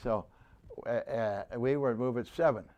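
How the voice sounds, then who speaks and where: Very old man telling a halting war story. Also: medium pitch, darkish tone, muffled recording. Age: 90s. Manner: halting, rambling delivery with many restarts; acts out the voices of people he quotes. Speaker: war veteran interviewee. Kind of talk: oral history storytelling.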